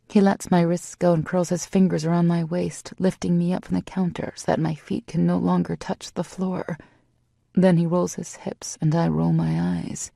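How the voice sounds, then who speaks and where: A woman narrating a first-person romance audiobook in an intimate, steady storytelling manner. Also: fairly low pitch, moderate pace, vocal fry, no room sound, clean studio sound.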